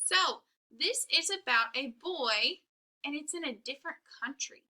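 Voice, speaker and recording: Brief: young woman teacher, high and very bright voice, slow and clear sounding-out for early readers. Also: lively intonation. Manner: slow, exaggerated sounding-out of letters and words. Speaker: kindergarten teacher. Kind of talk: recorded phonics lesson for young children.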